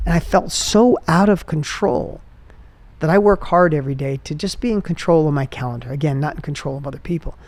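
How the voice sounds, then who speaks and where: A man hosting a podcast, telling a personal motivational story with energy, his voice dropping low and soft when he turns emotional. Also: fairly quick, no room sound. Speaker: podcast host.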